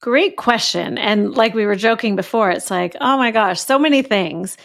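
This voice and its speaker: A woman coach talking as a podcast guest, animated and acting out her own inner thoughts in quotes. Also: a little high, normal speed, creaky. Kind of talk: casual podcast conversation.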